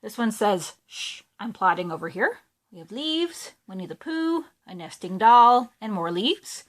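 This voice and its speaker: A woman's voice: mid-range voice, very animated, a little slow, slight background noise. A woman, chatting casually and gushing while she shows off her crafting supplies. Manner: chatty and gushing, with many fillers. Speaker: cross-stitch vlogger. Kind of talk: casual show-and-tell chat.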